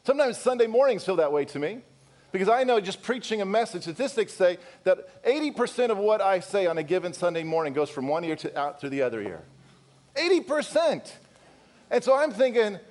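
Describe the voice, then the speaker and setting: A male pastor with a high-pitched voice delivers a sermon. He presses his point with strings of rhetorical questions. He keeps turning to his listeners with candid, conversational asides. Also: very animated, brisk, darkish tone. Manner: emphatic, full of rhetorical questions.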